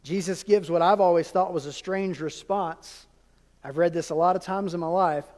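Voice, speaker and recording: High-voiced man preaching in a reverberant hall. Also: a little mellow. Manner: emphatic preaching with rhetorical questions and dramatic pauses. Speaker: pastor. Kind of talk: sermon.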